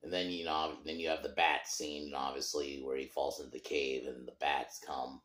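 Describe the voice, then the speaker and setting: A man with an extremely low, deep voice talks casually through a film review, swearing freely and often losing his thread before restarting. The sound has a roomy echo around it, as if recorded in an open room. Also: flat delivery, normal speed, fairly bright tone. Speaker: podcast host.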